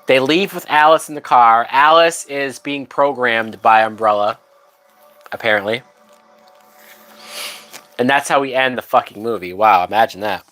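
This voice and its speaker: A man's voice: mid-range voice, normal speed, pauses often, a bit bright. A drunk man hosting a livestream, giving casual movie commentary in a rambling, profane way that trails off mid-thought. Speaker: livestream host.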